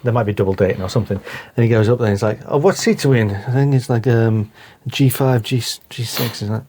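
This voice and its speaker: A man co-hosting a casual chat, hesitant and full of fillers, with bursts of shouting and laughter. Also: mid-range voice, fairly even intonation, fast, a little hiss or hum. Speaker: co-host.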